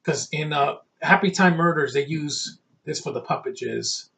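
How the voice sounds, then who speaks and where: A man's voice: fairly high pitch, lively intonation, moderate pace, vocal fry, bright, forceful tone, slightly rough. A young man giving a brash, over-the-top movie review, ranting and swearing as he talks.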